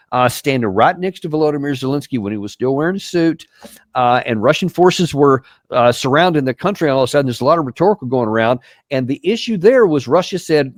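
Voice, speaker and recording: A man's voice: mid-range voice, no echo, clean studio sound. A man hosting a show, giving emphatic, incredulous commentary on news clips. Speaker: host and military commentator.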